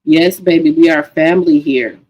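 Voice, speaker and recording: A woman's voice: deep voice, flat delivery, normal speed, a little mellow, breathy edge, highs cut off. A woman hosting a casual gossip livestream, chatty and profane, talking to her viewers as girlfriends. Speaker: livestream host.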